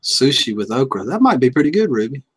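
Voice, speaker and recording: A man's voice: mid-range voice, very animated, fast, a bit bright, husky. A man joining a livestream, chatting in an easygoing, folksy way. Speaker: livestream participant. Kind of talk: casual chat.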